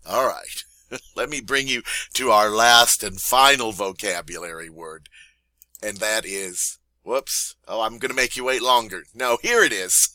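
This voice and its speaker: Bright-voiced, playful male French teacher. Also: fairly low pitch, animated, no echo. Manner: playful, chatty, drawn-out teasing. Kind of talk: vocabulary lesson.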